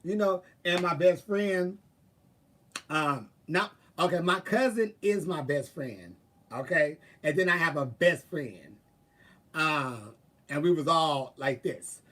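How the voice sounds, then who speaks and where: A man's voice: fairly high pitch, slow pace, sharp tone, far from the mic. A man hosting a live stream, chatting casually with viewers in a sassy, profane way. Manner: sassy, profane, drawling asides. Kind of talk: casual chat, answering viewers.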